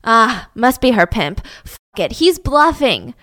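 A woman doing a crude, loud-mouthed middle-aged con man who brags and barks at everyone around him. The voice pushes up high and hard with a boastful swagger, recorded close and dry. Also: very animated, slow, no room sound, full character voice.

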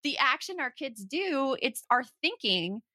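A woman co-hosting a parenting podcast, explaining her views in an earnest, gentle way. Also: high-pitched, sing-song, unhurried, no echo. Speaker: podcast co-host. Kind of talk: casual parenting chat.

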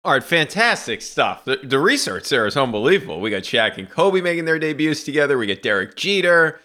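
A man's voice: a little high, fairly quick. A man hosting a sports podcast, talking bluntly and animatedly about his team. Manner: blunt, animated, laughs while ranting. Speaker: podcast host. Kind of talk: casual sports talk.

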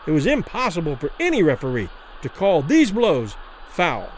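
A man's voice: fairly high pitch, wildly swooping pitch, fairly quick, slight background noise, rough recording. A man hosting a podcast gives a dramatic reading of a classic short story and acts out the quoted lines.

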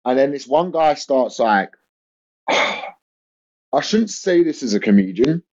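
A man's voice: mid-range voice, big pitch swings, slow, darkish tone. A young man, a comedian, telling an anecdote in casual podcast chat, rambling with lots of fillers and restarts. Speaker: comedian guest. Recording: dull lo-fi audio.

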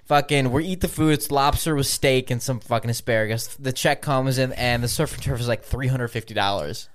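A man in his twenties co-hosting a podcast, who reacts with quick exclamations and swears casually. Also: medium pitch. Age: 20s. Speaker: podcast co-host. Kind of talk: casual chat.

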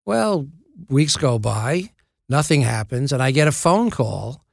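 An older male actor is a guest in a podcast studio interview, telling self-deprecating anecdotes and acting out the dialogue of what people said. His medium-pitched voice is gravelly and very animated, his pace measured, and there is no room sound.

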